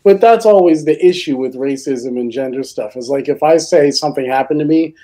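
A man's voice: a little high, fairly quick, mellow. A man in casual chat, talking thoughtfully with filler words.

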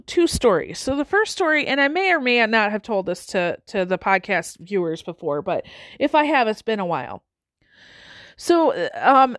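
A woman's voice: fairly high pitch, no echo, clean studio sound. A woman hosting a podcast, telling a parable as part of a casual motivational talk and checking in with listeners. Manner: conversational, checks in with listeners with "okay?" and "right?". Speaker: podcast host.

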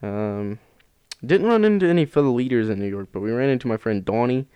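A man's voice: mid-range voice, expressive, fairly quick, dark tone, slight background noise. A man co-hosting a podcast, chatting casually and teasing his friend with jokes. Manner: joking, teasing banter. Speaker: podcast co-host. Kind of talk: casual chat.

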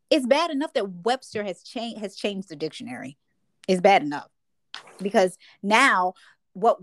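An older woman co-hosting a casual chat, telling stories animatedly and acting out her own reactions. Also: no room sound. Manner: animated storyteller, acts out her own reactions with big pitch jumps. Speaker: podcast co-host.

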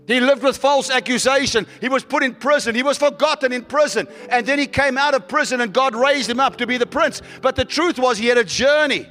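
A man's voice: very high-pitched, brisk, hardly any pauses, pushed and bright, big-room sound, soft background music. A man preaching a sermon as pastor, building to fervent callouts to the congregation.

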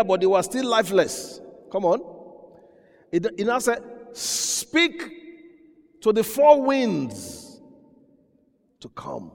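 A man preaching a sermon, dropping to a hush and then rising to loud, emphatic peaks while he acts out voices. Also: high-pitched. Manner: preaching with dramatic swings from quiet to loud, acting out quoted voices. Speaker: pastor. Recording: long hall reverb.

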